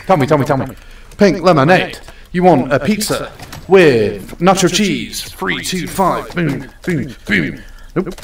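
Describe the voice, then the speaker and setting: A man's voice: a little high, animated, unhurried, creaky, hardly any pauses, distant mic, a little hiss or hum. A young man streaming a game, chatting casually and playfully bossing around the customers. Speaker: gaming streamer. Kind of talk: casual live-stream commentary. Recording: roomy echo, off from the mic.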